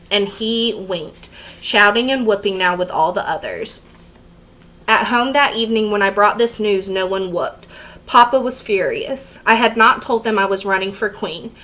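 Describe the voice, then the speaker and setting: A woman reads a memoir aloud at a steady, plain pace for her students to follow along. Now and then she breaks off to explain a passage in simple, casual words. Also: mid-range voice, low-quality recording. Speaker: teacher reading to a class. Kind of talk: reading a memoir aloud with brief comments.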